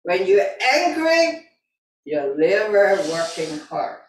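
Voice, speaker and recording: Slow, calm woman leading tai chi. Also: mid-range voice, slight background noise. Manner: calm, repetitive breathing cues, simple non-native grammar. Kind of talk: guiding an exercise class. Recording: echoey room, voice from a distance.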